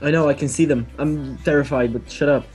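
A man playing along with friends, quick to exclaim at the game. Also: a little high, steady tone, low-quality recording. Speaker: gaming friend. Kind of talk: casual gameplay chat with friends. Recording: game music playing behind.

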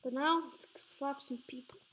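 High bright woman playing a game. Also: steady tone, normal speed. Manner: playful, chatty, talking to herself while playing. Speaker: gaming channel host. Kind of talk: casual gameplay commentary.

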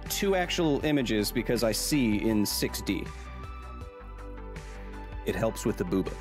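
A man's voice: fairly low pitch, big pitch swings, measured pace, music in the background. A man in his thirties hosting a casual live gaming stream, joking around and reading chat aloud. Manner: playful, jokey, reads chat aloud. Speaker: streamer, science communicator.

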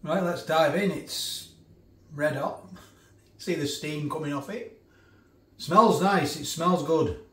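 A man's voice: fairly high pitch, slow pace, pauses often. A man casually reviewing food for his vlog, chatty, often restarting and eating while he talks. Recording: echoey room from a distance.

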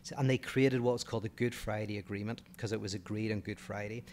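In a quick, steady-toned, lowish voice, a man from Northern Ireland thinks aloud about philosophy while co-hosting a casual podcast. He speaks with a Northern Irish accent and tends to restart mid-phrase.

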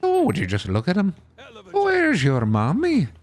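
A man doing a put-on Irish accent as a doting old fellow cooing over a boy, sing-song and slow, into a gaming mic. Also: sits high, wildly swooping pitch, a little mellow, pitched above the performer's own voice, exaggerated voice.

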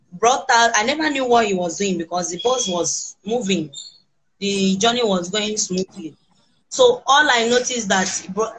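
A Nigerian woman with children recounts her ordeal in halting, restarting sentences. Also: medium pitch, a bit bright, a little hiss or hum, rough recording. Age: adult with children. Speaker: kidnapping survivor interviewed.

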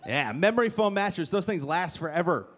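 A man's voice: high voice, expressive, fairly quick, fairly bright tone. A young man doing a brash stand-up set in a comedy club, teasing the crowd with punchy timing. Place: comedy club stage before a live crowd. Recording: live club recording with audience noise.

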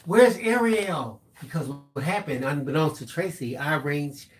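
Animated middle-aged man telling a story. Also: fairly high pitch, brisk, noisy background. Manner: animated storyteller, mimics voices with laughter. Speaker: co-host, reads viewer comments. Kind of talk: casual storytelling.

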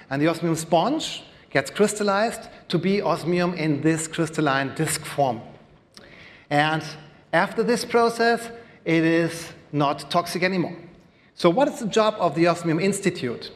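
German-accented guy giving a talk at a conference, lots of ums, slightly high voice, big echoey hall. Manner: halting, many fillers, plain explanatory. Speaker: presenter at a conference. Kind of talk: live talk to an audience. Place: large hall before an audience. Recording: long reverb of a large hall.

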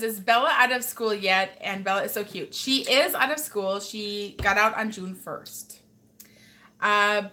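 A woman's voice: fairly high pitch, bright, forceful tone. A woman hosting a casual live stream as a mother, chatting and reading viewer comments while scolding her child. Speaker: host and mother.

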